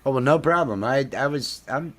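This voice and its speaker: A man's voice: medium pitch, normal speed, slight background noise. A man hosting a casual late-night stream, rambling and playful. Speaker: stream host.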